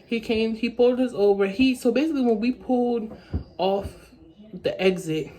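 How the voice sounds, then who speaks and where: A young woman telling a story from her own life in a casual vlog, talking in quick bursts that restart and repeat phrases. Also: a little high, dark tone, poor audio. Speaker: vlogger.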